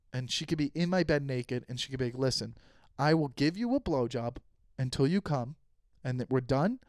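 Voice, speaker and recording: Young male podcast host, rambly, swears a lot, slightly high voice. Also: darkish tone, clear, resonant tone, no echo, clean studio sound. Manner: rambling, profane, joking asides. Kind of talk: casual solo podcast chat.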